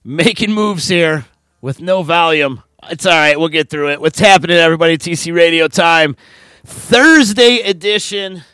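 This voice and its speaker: A man hosting a live radio podcast, reading sponsor spots and chatting in a loud, jokey, hyped way. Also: a little high, a little fast, clear, resonant tone, no echo. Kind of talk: casual live show chat with sponsor reads.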